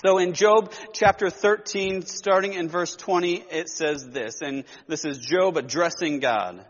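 High-voiced man preaching in a reverberant hall. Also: measured pace, hardly any pauses. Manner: earnest storytelling, emphatic when paraphrasing. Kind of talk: Bible teaching sermon. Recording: dull lo-fi sound with long hall reverb.

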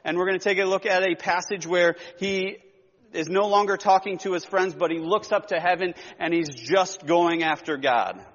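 A man's voice: sits high, moderate pace, fairly bright tone. A man giving an earnest Bible teaching sermon, telling the story plainly and leaning into emphasis when he paraphrases. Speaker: preacher. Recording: dull lo-fi sound with long hall reverb.

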